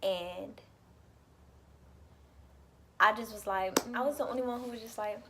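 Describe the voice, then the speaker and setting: A young woman telling a story in a casual vlog, animated and chatty, swearing freely and laughing often. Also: mid-range voice, a little slow, pauses often, background noise. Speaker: vlogger.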